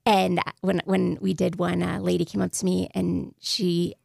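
A woman, a former head of a state child welfare agency, talking as an interview guest in an animated, earnest way with emphatic repetitions. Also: fairly low pitch, normal speed, gravelly, dry recording, studio quality.

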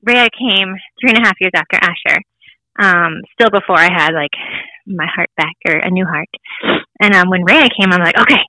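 Thirties woman, interview guest, candid and bright, dry close mic. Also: on the low side, moderate pace, no room sound, low-quality recording. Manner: candid, laughs often, acts out voices in quotes. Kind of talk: personal testimony interview.

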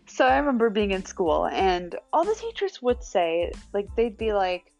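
A woman's voice: mid-range voice, very animated, a little slow, creaky, darkish tone, soft background music. Candid young woman chatting casually. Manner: candid, swears freely, laughs often. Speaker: podcast host. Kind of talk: casual confessional chat.

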